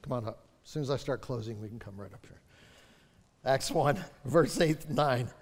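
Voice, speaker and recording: The long reverb of a big hall surrounds a man preaching fervently as pastor, his medium-pitched voice moving at normal speed. He draws out important phrases to give them weight.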